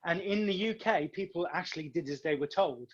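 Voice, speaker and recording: A British man speaks as a singer guest on a radio show, chatty and quick to poke fun at himself. His voice sits a little high for a man. His audio sounds dull and muffled, as over a remote line. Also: slightly rough. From United Kingdom. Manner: chatty, self-deprecating humor. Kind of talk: casual interview.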